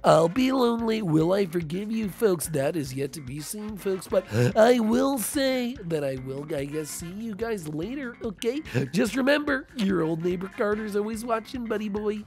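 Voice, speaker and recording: A man's voice: high voice, lively intonation, darkish tone. A man doing a creepy "folks"-saying turtle neighbor. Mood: needy, sinister. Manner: slow salesman patter, says "folks" constantly. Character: creepy lonely male turtle neighbor, pushy. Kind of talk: Minecraft role-play.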